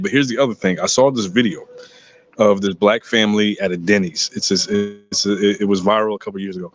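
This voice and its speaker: Emphatic low-voiced man on a podcast. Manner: emphatic, profane, acts out voices in stories. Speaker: podcast co-host. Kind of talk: casual podcast debate, storytelling. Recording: dull lo-fi sound.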